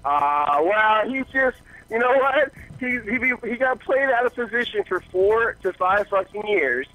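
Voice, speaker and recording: A man's voice: high voice, measured pace, rough recording. A man calling in to a fan show, ranting about soccer coaching with heavy swearing and mocking asides. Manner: profane, animated ranting with mocking quoted voices. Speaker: caller. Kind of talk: casual sports rant.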